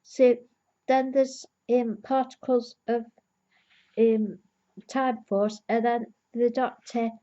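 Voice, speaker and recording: A woman's voice: fairly high pitch, level tone, slow pace, dark tone, dull audio. A woman giving an earnest, emotionally invested casual review, recapping an episode's plot as a fan.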